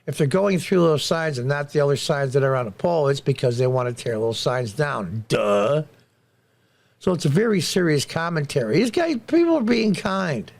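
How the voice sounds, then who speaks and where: A middle-aged man with a gravelly edge to his voice, speaking at a middle pitch. He delivers a blunt, indignant commentary monologue and hammers his points home by repeating them. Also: normal speed. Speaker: host of a commentary show.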